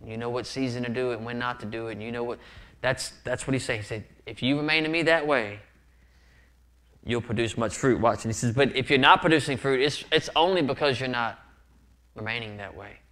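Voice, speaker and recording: A man's voice: mid-range voice, a little fast, fairly bright tone. A man preaching a sermon as pastor, earnest and often repeating words for emphasis. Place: church sanctuary.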